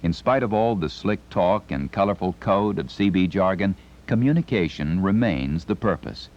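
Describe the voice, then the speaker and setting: Deep-voiced man with lively announcer delivery. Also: moderate pace. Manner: crisp, carefully enunciated announcer delivery. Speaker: instructional narrator. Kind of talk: scripted instructional narration. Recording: dull lo-fi 1970s tape recording.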